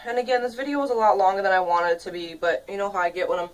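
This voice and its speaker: A woman's voice: medium pitch, steady tone, rapid-fire, clear, resonant tone, distant mic, poor audio. A woman of thirty ranting in a casual vlog, angry, profane and rambling, full of "you know what I mean" fillers. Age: 30s.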